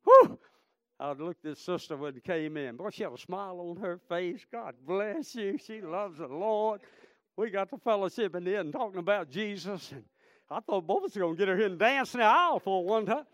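A man preaching a revival sermon, swinging between shouted praise and hushed storytelling. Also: high-pitched, lively intonation, a little fast, dry recording. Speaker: traveling preacher.

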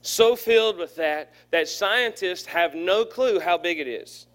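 A fairly high-voiced man preaches to his congregation. His delivery is folksy and playful, and he slips into quick voices for the figures in his stories. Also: a bit bright. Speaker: pastor. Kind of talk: sermon.

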